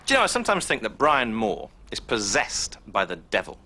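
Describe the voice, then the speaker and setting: A male comedian presenting in a bright, animated voice. His delivery is wry and playful, and he sets up each sketch with a joke. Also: lowish voice, a little fast. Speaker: comedian host. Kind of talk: comic links.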